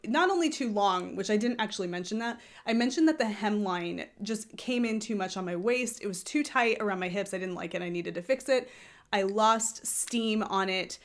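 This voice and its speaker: A woman hosting a knitting podcast, chatting casually in a rambling, self-correcting way. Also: mid-range voice. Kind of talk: casual chat.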